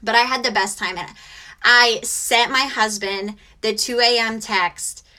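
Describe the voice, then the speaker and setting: A woman's voice: fairly high pitch, fairly even intonation, unhurried, pushed and bright. A woman in her thirties, worn out and close to tears, chatting casually with her viewers on a live stream. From United States. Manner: chatty and emotional, says she is close to tears. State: exhausted. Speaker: host of a reselling live stream.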